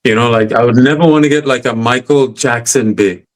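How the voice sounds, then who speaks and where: A man making his points with emphasis in a loose podcast conversation, at an ordinary middle pitch. He keeps drawing the listener in with "right?" and "you know?" between his thoughts. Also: brisk. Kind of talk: casual podcast chat.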